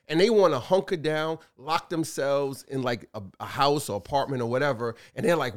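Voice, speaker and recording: A man's voice: fairly high pitch, normal speed, few pauses. Guy chatting casually on a podcast, storytelling, lots of "like" and acting out what people said. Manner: animated storytelling, lots of fillers, acts out quotes. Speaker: co-host, store owner. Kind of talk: casual chat.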